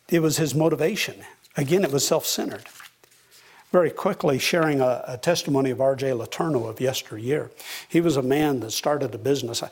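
A man's voice: mid-range voice, husky. A man preaching a sermon as a pastor, earnest, his voice rising for emphasis.

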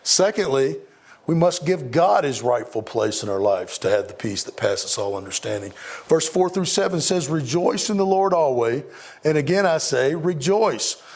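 A man's voice: medium pitch, animated, normal speed. A middle-aged man preaching a sermon, emphatic and given to repeating words for stress.

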